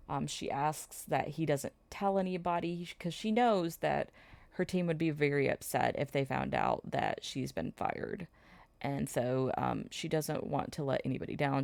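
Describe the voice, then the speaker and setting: A woman's voice: low voice, vocal fry, a little mellow, no room sound. A woman host casually recapping a drama plot, chatty with frequent fillers and laughs.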